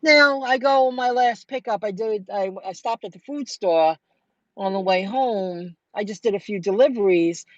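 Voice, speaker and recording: A middle-aged woman telling viewers about her delivery rounds in a chatty, animated way, acting out what people said. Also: mid-range voice, normal speed, dry recording, muffled recording. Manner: chatty, animated retelling with quoted dialogue. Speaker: food delivery driver vlogger. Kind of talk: casual storytelling to viewers.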